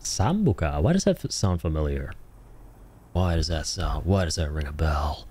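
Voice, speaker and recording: A young adult man streaming a game, chatting casually, animated and joking, with casual swearing. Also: extremely low pitch, moderate pace, slightly rough. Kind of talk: casual gameplay commentary.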